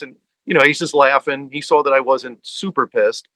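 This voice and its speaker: A man's voice: a little high, fairly even intonation, a little fast, few pauses, bright, forceful tone, no echo, poor audio. A man from the US tri-state area telling stories in a casual sit-down conversation, with many fillers. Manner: chatty storyteller, many fillers. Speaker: guest, fan and collector.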